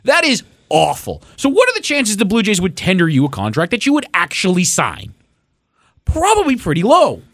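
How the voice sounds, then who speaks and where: A man's voice: high voice, wildly swooping pitch, normal speed, fairly bright tone, dry recording. A young man co-hosting a sports podcast, ranting sarcastically and swearing as he builds up heat. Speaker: podcast co-host. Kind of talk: casual sports podcast rant.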